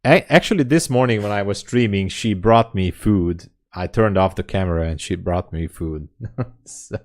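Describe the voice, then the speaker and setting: A man with a deep voice and a Hungarian accent talks at normal speed during a casual day trading livestream from home. He laughs often while answering comments from viewers.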